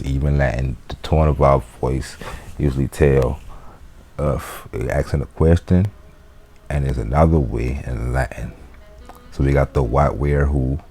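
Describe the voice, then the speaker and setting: Very deep, slow-talking man teaching. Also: creaky, warm tone. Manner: loose, conversational explaining with frequent fillers and restarts. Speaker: Latin teacher. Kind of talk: casual explanatory lesson.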